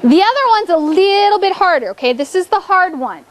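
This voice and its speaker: A woman's voice: very high voice, expressive, fairly quick. A woman teacher leading a classroom phonics lesson, upbeat and coaxing, making the drill into a playful points game.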